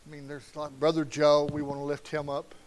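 A middle-aged man preaching a sermon in a folksy, conversational way that swings from quiet to loud. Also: fairly high pitch, monotone, brisk.

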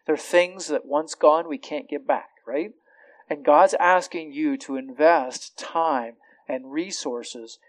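A man's voice: a little high, dry recording, low-quality recording. Earnest male pastor preaching a sermon. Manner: earnest, repeats words when starting phrases.

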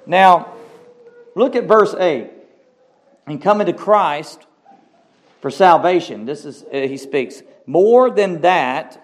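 A man preaching a sermon, emphatic and repetitive, slowing down to stress scripture and asking the congregation questions. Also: a little high. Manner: emphatic, repeats key phrases, asks the congregation questions; slows down to stress scripture quotes.

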